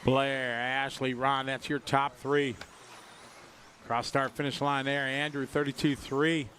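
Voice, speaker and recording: A man commentating live on a radio-controlled car race, chatty and jokey with excitable asides. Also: medium pitch, takes it slowly, a little hiss or hum.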